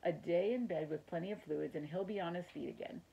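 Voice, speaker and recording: Storybook dad, calm and steady, read by a woman, low with some gravel. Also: a little fast, dull audio. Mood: reassuring. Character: calm reassuring father, middle-aged man.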